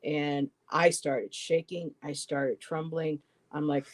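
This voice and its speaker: A woman in her fifties, co-hosting a live poetry stream, telling a personal story casually, halting often with "you know" and restarts. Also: sits low, fairly even intonation, darkish tone. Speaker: poetry show co-host.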